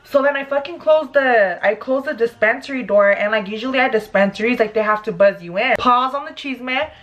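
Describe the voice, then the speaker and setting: A young woman with a fairly high voice tells a story in a casual vlog while she does her makeup. She talks in an animated, profane way and leans hard on "like" as a filler. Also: brisk, highs cut off. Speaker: beauty vlogger.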